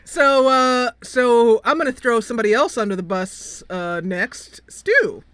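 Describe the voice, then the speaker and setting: A woman's voice: on the high side, lively intonation, measured pace, a bit bright, clean tone, dry recording. A woman hosting an online panel, teasing and giggling with her guests. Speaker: panel host. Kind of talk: panel discussion.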